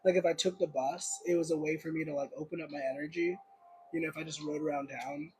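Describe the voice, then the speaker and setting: A man's voice: fairly high pitch, fairly even intonation, fast, darkish tone, slight background noise, rough recording. A young man giving a casual livestream tarot reading, rambling and searching for words with lots of fillers. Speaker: tarot reader.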